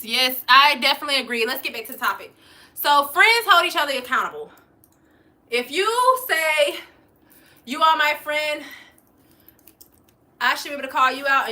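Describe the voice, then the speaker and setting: A woman, hosting a livestream, reading out chat comments and loudly mocking trolls, cursing freely. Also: fairly high pitch. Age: 40s. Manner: loud, profane and mocking, calling out trolls. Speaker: livestream host.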